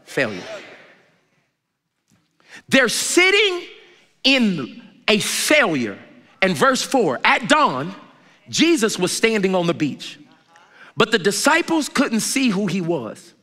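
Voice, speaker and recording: A man preaching a sermon in a lively, conversational way, bantering and trading questions with the congregation. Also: sits high, takes it slowly, long pauses. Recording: reverberant hall with faint noise.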